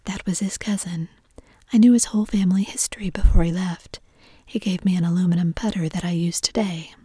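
A woman's voice: fairly low pitch, steady tone, brisk, mellow, husky, dry recording, clean studio sound. A woman whispering the lines of a wry, offhand young sportswoman in a whispered role-play.

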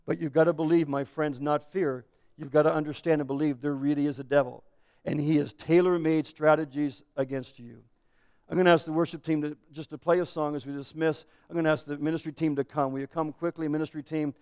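A man's voice: on the high side, steady tone, fairly quick, a little mellow, smooth. A man preaching a sermon as pastor, earnest and building to emphatic declarations. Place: church sanctuary. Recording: echoey church hall.

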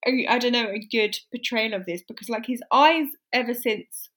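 A woman's voice: fairly high pitch, moderate pace, fairly bright tone. A woman in casual chat, giggling often and jumping in with characters' lines while recapping a TV plot. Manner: giggly, jumps in with quoted lines.

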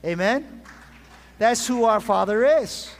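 A man's voice: high voice, animated, takes it slowly. A man pastor preaching a sermon to his congregation, asking for call-and-response amens and often restarting his phrases. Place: church sanctuary. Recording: long reverb of a large hall.

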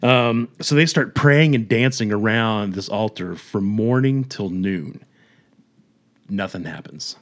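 Low-voiced man telling a story casually. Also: slow. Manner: animated retelling with chuckles and acted quotes. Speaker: podcast host.

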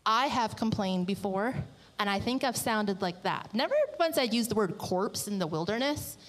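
A woman's voice: mid-range voice, animated, normal speed, big-room sound, low-quality recording. A woman pastor preaching a sermon, reading scripture and adding chatty, playful asides.

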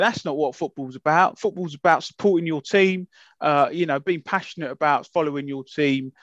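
A fired-up man with a fairly high voice rants about his views on a podcast, swearing and getting louder as he goes. His voice is dull and lo-fi, and the recording sounds dry and close. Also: moderate pace, no room sound. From England. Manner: passionate, indignant, swears freely. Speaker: podcast co-host. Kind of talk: heated casual podcast rant.

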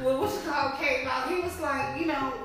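A woman's voice: high voice, normal speed, fairly bright tone. A woman in casual chat, swearing and quoting characters as she talks about a TV show. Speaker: TV show fan in group chat. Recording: very echoey room with a crowd behind.

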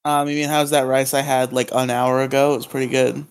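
A man's voice: mid-range voice, little pitch movement, fairly quick, smooth. A man co-hosting a podcast, bantering and joking in casual chat. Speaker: podcast co-host.

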